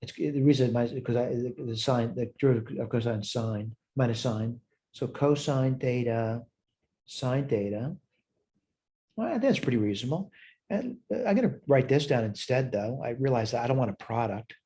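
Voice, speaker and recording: Expressive and mellow, a man's medium-pitched voice proceeds at a normal speed as he teaches math. He solves problems step by step on a whiteboard, screen shared, voicing his reasoning in this recorded lesson.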